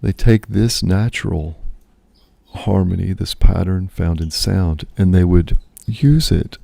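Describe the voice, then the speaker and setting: A man's voice: deep voice, slow pace, vocal fry, mellow, no room sound. A man, a priest and host, musing aloud in casual spoken reflection, often checking in with "right?".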